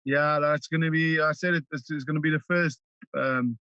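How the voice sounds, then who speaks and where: A South African man, a native Afrikaans speaker, chatting casually as a rugby player guest, halting with many ums and restarts. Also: a little high, steady tone, pushed and bright, dry recording. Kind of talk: casual interview chat. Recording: dull, dry lo-fi line.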